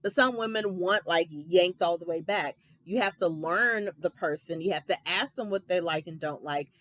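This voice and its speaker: A woman in her thirties hosting a casual reality TV recap, sassy and animated, with dramatic asides and sharp jumps in pitch for emphasis. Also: moderate pace, dry recording. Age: 30s.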